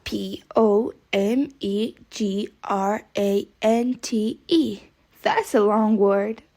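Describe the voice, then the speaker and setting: A woman's voice: medium pitch, extremely slow, dark tone. A woman teaching English vocabulary, saying each word several times and spelling it out letter by letter. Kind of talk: vocabulary lesson, slow spelling drills.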